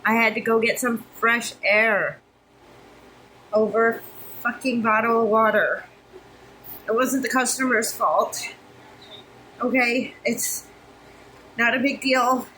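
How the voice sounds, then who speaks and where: A woman's voice: fairly high pitch, fairly even intonation, slow, long pauses, bright, forceful tone, slight background noise, poor audio. A woman in her fifties, a vlogger, venting frankly to her phone camera while overheated and flustered, swearing freely and sounding exasperated. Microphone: phone camera close up.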